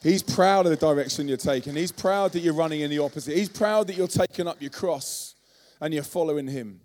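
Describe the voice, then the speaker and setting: Animated preacher in his forties. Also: fairly high pitch, brisk. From London, England. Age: 40s. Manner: animated storytelling, acting out voices. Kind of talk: sermon.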